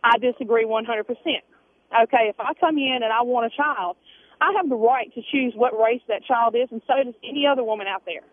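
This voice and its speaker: An indignant woman calling in to a radio show, arguing her point insistently. Her voice is high and husky, and it comes through a tinny phone line. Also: fairly quick, dry recording. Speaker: caller. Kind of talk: heated call-in argument.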